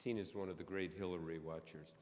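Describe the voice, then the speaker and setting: A man on a forum panel telling an anecdote to a live audience, slow and halting, pausing and restarting as he goes. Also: sits low, steady tone, darkish tone. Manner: slow, halting storyteller who pauses and restarts. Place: stage in a large auditorium. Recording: echoey hall reverb.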